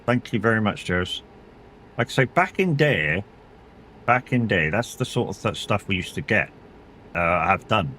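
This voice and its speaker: A man's voice: fairly low pitch, lively intonation, moderate pace, pauses often, pushed and bright, a little hiss or hum. A middle-aged man, chatting casually and rambling as he streams a driving game, swearing and laughing often. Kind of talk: casual chat while gaming.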